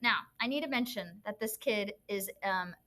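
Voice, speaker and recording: A woman's voice: medium pitch, normal speed. A woman teacher co-hosting a podcast, telling funny classroom stories in casual chat and acting out the quotes. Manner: animated storyteller acting out quotes, laughs often.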